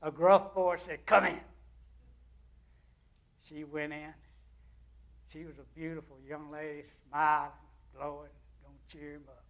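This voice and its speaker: A male pastor gives a sermon. He tells stories dramatically, swinging between loud and quiet. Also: a little high, flat delivery, moderate pace. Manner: dramatic storytelling with big swings in loudness.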